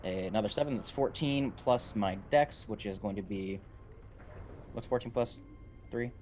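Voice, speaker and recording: A man's voice: fairly low pitch, moderate pace, darkish tone, a little hiss or hum. A man playing in a tabletop game, joking casually and counting his dice rolls aloud. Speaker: player.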